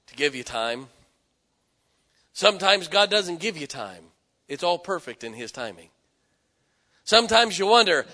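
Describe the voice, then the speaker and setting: A man preaching a sermon, telling stories and swelling from hushed tones to loud exhortation. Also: on the high side, moderate pace. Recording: echoey hall with long reverb.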